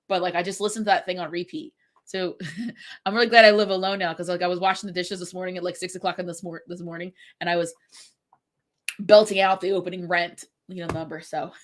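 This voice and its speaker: A woman's voice: mid-range voice, fairly bright tone. A woman in her forties, a middle school French teacher, chatting casually from home on a stream with a congested voice, rambling through stories with lots of fillers. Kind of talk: casual livestream chat during writing sprint.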